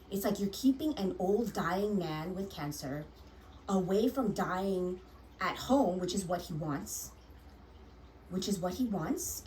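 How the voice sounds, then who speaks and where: A woman's voice: medium pitch, darkish tone, distant mic, a little hiss or hum, rough recording. A woman who works as a nurse, telling a personal story frankly and heatedly, swearing often and restarting her sentences.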